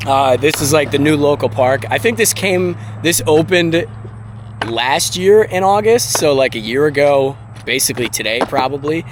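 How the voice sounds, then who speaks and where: A man's voice: fairly high pitch, normal speed. A man in his late twenties vlogging from his car and then an outdoor skate park, talking in a rambling, joking, offhand way and swearing now and then. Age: late 20s. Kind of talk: casual vlog chat. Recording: outdoor wind and traffic noise.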